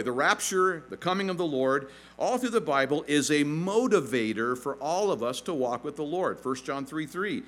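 A middle-aged man, a pastor, preaching a sermon with stories and ending in a soft, hushed prayer. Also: medium pitch.

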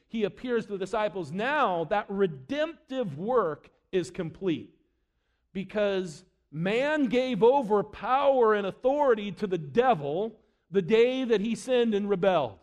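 Guy preaching a sermon, high voice, goes dramatic and hushed on quotes then pushes up loud. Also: lively intonation, a little slow. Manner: dramatic, drops low and quiet to quote scripture, rises for emphasis.

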